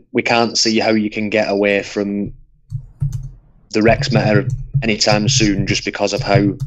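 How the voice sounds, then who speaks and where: A man, a guest expert on a game stream, giving measured opinions and repeating his points. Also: fairly low pitch. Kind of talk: casual group chat on a call.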